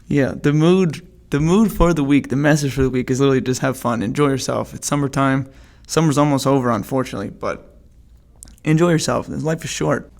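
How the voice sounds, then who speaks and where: Young guy doing a solo podcast, gravelly voice, rambles along, upbeat and chatty. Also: medium pitch. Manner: rambling, upbeat, frequent ums and restarts. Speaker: podcast host. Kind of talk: casual solo podcast chat.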